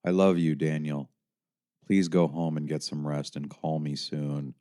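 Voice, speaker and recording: A man voicing a worried, loving mother speaking gently to her grown son. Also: rumbling low, flat delivery, unhurried. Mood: tender. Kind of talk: audiobook reading.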